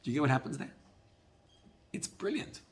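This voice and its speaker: A man teaching a Torah class as a rabbi, telling a story in an animated way and often repeating words. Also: fairly high pitch, normal speed.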